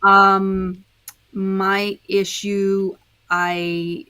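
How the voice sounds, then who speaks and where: A woman's voice: mid-range voice, flat delivery, extremely slow, sharp tone, clean tone. A woman guest on a podcast, explaining her dyeing process step by step in a casual chat, with frequent fillers. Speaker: podcast guest, disc dyer.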